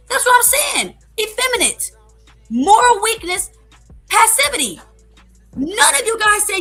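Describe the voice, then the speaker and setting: Bright, high-pitched indignant woman. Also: big pitch swings, a little slow, faint music behind. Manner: indignant, accusatory, emphatic. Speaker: stream debate panelist. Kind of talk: heated live-stream debate.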